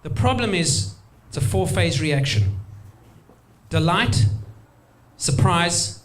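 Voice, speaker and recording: A man's voice: on the high side, lively intonation, slow. A man performing a stand-up comedy set on stage, chatting with the crowd and slipping into put-on accents.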